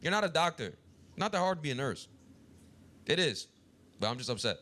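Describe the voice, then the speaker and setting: A man's voice: a little high, very animated, fairly quick, sharp tone. A man co-hosting a podcast, talking bluntly and profanely in casual chat. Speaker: podcast co-host.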